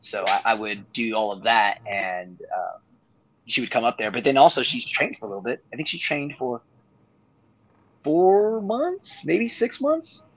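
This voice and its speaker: A man's voice: mid-range voice, very animated, unhurried, fairly bright tone, a little hiss or hum. Man, casual storyteller, rambling, swears a lot, dull lo-fi recording. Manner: rambling, swears freely, laughs at own stories. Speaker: guest, professional wrestler. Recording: dull lo-fi sound.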